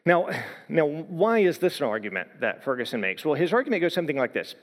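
Earnest preacher in an echoing hall. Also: male voice, fairly high pitch, sing-song. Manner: earnest, speaks in measured phrases, slows for emphasis on quotes. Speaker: pastor. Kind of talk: sermon. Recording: long hall reverb.

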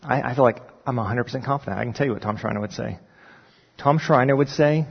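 A male pastor with a gravelly, husky voice tells a story from the pulpit, his pitch climbing as he gets caught up in it. The sound is dull and muffled, and long reverb trails off every phrase in a big church hall. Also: fast. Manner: animated storytelling, voice rising when retelling his prayer. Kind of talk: sermon storytelling.

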